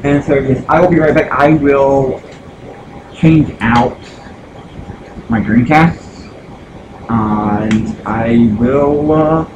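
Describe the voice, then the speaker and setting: A man chats slowly through a home live stream, drifting between thoughts with many pauses and restarts. His pitch sits in a plain middle range. A steady hum of fans and room noise carries clearly under his voice. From United States. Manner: rambling, halting, many fillers and restarts. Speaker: gaming streamer. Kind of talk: casual live-stream chat.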